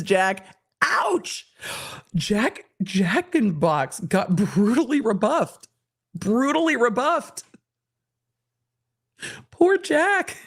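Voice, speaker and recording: A woman's voice: on the high side, breathy edge. A woman hosting a live stream, reading out social media replies with laughing, incredulous reactions. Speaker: host.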